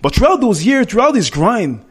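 Earnest middle-aged man, higher-pitched voice. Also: sing-song, normal speed, slightly rough. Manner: earnest, with frequent restarts and self-corrections. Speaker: guest. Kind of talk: heartfelt personal storytelling in conversation.

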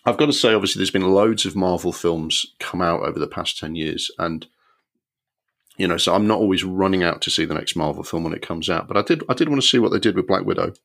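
A man's voice: low-pitched, quick pace, gravelly, a bit bright. A man co-hosting a podcast, giving opinionated film reviews in casual chat with frequent restarts. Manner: opinionated, rambling with many restarts. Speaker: podcast co-host.

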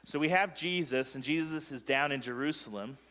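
A man's voice: a little high, brisk, bright, forceful tone, long reverb tail. A male pastor preaching a sermon in a joking way, quizzing the congregation as he goes. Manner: joking, asks the congregation questions. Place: church sanctuary.

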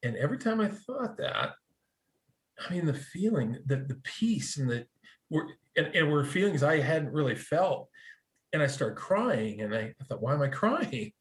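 Animated storytelling man, slightly high voice. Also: normal speed. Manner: animated, acts out quoted dialogue, frequent restarts. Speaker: guest telling a conversion story. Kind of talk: casual storytelling.

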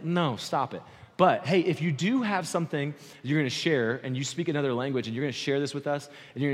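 A man preaching a sermon as pastor in a conversational, animated way, often checking in with his listeners. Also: medium pitch. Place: church sanctuary. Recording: long hall reverb.

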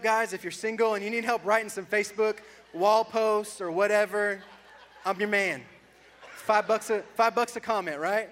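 High-voiced man joking through a sermon. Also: fairly bright tone. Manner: joking, self-mocking storytelling, laughing often. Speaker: pastor. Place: church before a congregation.

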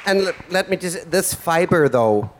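A man hosting a drag comedy act on stage, his voice sitting a little high. He talks in a flamboyant, theatrical and teasing way. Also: lively intonation, normal speed, a faint crowd, slight background noise. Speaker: drag performer and show host. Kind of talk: campy stage stand-up. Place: stage before a live audience.

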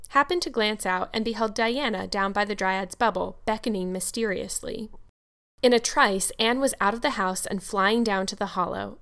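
A woman podcast host reading a classic novel aloud in a measured, expressive audiobook narration. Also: mid-range voice.

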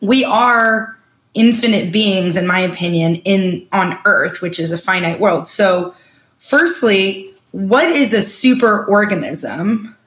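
A woman's voice: medium pitch, slow, a bit bright, roomy sound. A woman podcast host asking long, earnest, enthusiastic questions. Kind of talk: interview questions.

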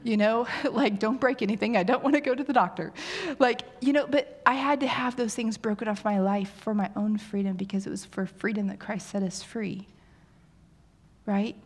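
A woman in her forties preaching a sermon with a candid, self-deprecating manner. She tells personal stories with lively animation. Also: mid-range voice, moderate pace.

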